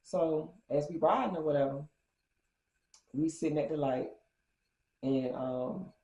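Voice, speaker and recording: A young woman telling a funny story in a casual, animated way, slipping into her friends' voices. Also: low voice, a little slow. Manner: animated, acts out quoted friends in slangy speech. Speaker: storytime vlogger. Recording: roomy, slightly dull sound.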